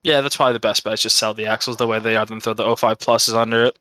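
A man co-hosting a podcast, rambling and thinking out loud in casual chat, swearing freely. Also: lowish voice, fairly even intonation, racing, no room sound. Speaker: podcast co-host.

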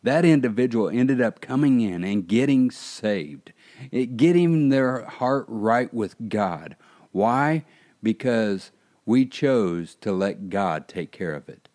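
A man's voice: medium pitch, animated, takes it slowly, a little mellow. A middle-aged man, a pastor, delivering an earnest podcast sermon that builds in fervor. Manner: earnest preaching, rising in fervor.

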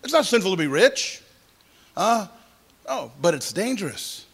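A pastor preaches a sermon at a church service, his husky male voice pitched high and fairly bright, delivered a little slowly but with great animation. He's folksy and exclamatory, throwing in hallelujahs and "praise the Lord," telling homespun stories and imitating music with sung syllables.

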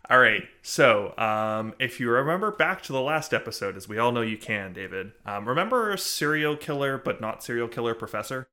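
A man's voice: medium pitch, expressive, normal speed, few pauses, bright, forceful tone. A man co-hosting a TV recap podcast, chatting casually with many fillers, laughs and swearing. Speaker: podcast co-host. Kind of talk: casual chat.

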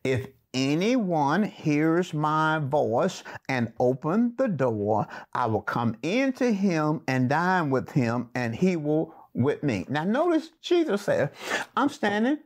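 A man's voice: a little high, very animated, takes it slowly, few pauses. A man teaching a sermon-style Bible lesson. He reads scripture aloud, explains it in plain words, and repeats key phrases for emphasis.

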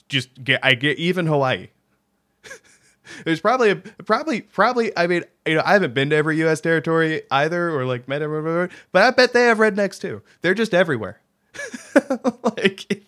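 A baritone man co-hosting a podcast in casual chat, rambling and hedging, and laughing often. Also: fairly bright tone. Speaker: podcast co-host.

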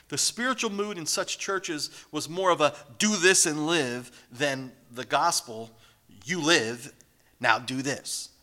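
A man with a mid-range voice preaches a sermon emphatically. He swings from raised declarations down to hushed, whispered lines.

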